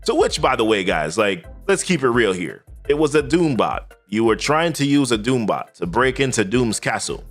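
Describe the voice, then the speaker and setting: Male comic recap host, casual chat, very lively pitch, faint music underneath. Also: moderate pace, hardly any pauses. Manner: conversational, often breaks in with "he's like".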